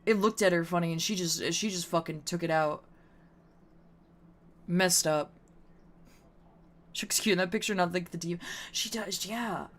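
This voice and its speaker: A woman's voice: fairly low pitch, fairly even intonation, normal speed, long pauses. A woman streamer chatting casually on a live stream, swearing freely in a playful, teasing way. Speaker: VTuber streamer.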